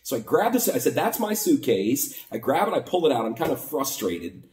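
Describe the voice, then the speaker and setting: A man's voice: medium pitch, very animated, moderate pace, a little mellow, echoey room, distant mic. A man from the United States casually retelling a border crossing story, acting out both sides of the conversation. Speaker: vlogger.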